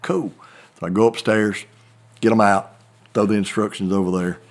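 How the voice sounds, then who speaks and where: A middle-aged man with a Southern American accent spins a rambling, folksy yarn in easy conversation. His voice sits fairly low, and the talk feels loose and unhurried. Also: little pitch movement. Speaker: turkey hunting guide. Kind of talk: casual storytelling chat.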